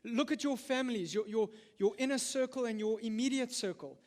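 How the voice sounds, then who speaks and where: A man's voice: very high voice, fairly quick, a little mellow. A middle-aged man preaching a sermon, emphatic, with frequent stammered restarts. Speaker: pastor. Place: church hall. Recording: long reverb of a church hall.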